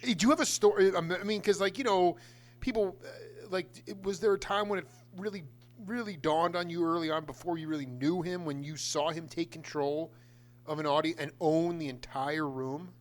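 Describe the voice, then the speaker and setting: A man's voice: a little high, moderate pace. Rambling enthusiastic male interview host. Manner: rambling, many fillers and restarts, enthusiastic. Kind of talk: casual interview.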